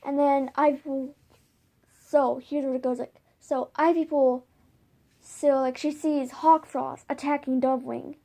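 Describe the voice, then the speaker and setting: Woman, high pitch, mellow, rambling, casual storytelling, many fillers, home. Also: flat delivery, unhurried, creaky. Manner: rambling, lots of filler words. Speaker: fan storyteller. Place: home, by a window.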